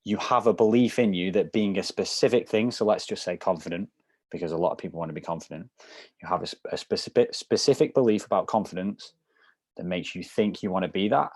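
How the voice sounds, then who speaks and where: A man with a very low voice talks through coaching ideas in a loose, rambling way, leaning on little fillers as he goes. The sound is close and dry, with almost no room around him. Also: fast talker, dry recording. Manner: loose, explanatory, lots of "so" and "kind of". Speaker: wellness program coach. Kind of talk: casual group discussion.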